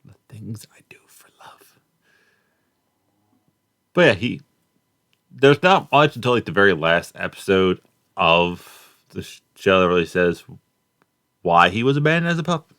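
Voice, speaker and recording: A young man giving a casual, rambling spoken review of a cartoon, halting often and filling gaps with "like" and "uh.". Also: deep voice, sing-song, fairly bright tone, clear, resonant tone, dry recording, studio quality. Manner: rambling, halting, many fillers and restarts.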